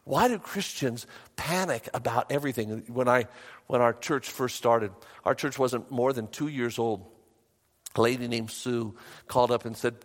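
A middle-aged man preaching a sermon as a pastor, emphatic, his voice rising high in bursts. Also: lively intonation, moderate pace, in a large hall.

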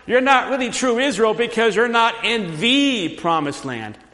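A man preaching a sermon, teaching through a scripture passage and building to emphatic, loud repetitions. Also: very high-pitched, animated, measured pace, long reverb tail. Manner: emphatic preaching, rising loud on repeated phrases. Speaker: pastor.

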